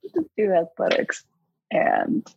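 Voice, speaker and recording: A woman's voice: medium pitch, huge pitch swings, slow, vocal fry, a little mellow, slightly rough, dry recording. A woman playing a tabletop game, swearing and laughing freely as she chats. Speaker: player. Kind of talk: casual tabletop game chat. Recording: dull lo-fi sound.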